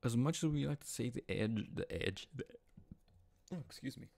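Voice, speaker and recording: A man with a gravelly, fry-edged voice rants heatedly on his own show. He swears constantly and repeats points for emphasis. He speaks at a middle pitch, recording at home. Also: animated, normal speed, a little mellow. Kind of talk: profane ranting monologue.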